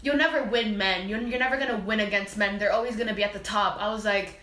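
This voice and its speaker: A young woman co-hosting a casual podcast, telling a story in a lively way and acting out the quotes. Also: mid-range voice, quick pace, reverberant. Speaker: podcast co-host.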